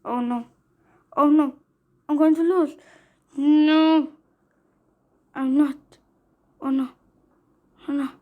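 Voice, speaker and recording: High-pitched woman gamer, slow talking, teasing the other cars. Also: steady tone, muffled recording. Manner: playful, bossy trash talk and sung racing noises. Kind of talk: game commentary.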